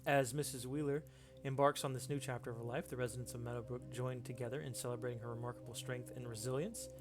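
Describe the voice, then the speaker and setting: A man voicing a formal, upbeat 1920s male newsreader who reads a period news article aloud in a measured, announcing manner. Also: medium pitch, flat delivery, over music, close to an everyday voice.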